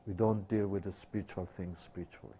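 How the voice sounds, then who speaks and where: A man's voice: deep voice, fairly even intonation, fairly quick, mellow, husky. A man giving a sermon-style health talk, asking rhetorical questions and answering them himself, with broken, repetitive phrasing. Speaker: health lecturer.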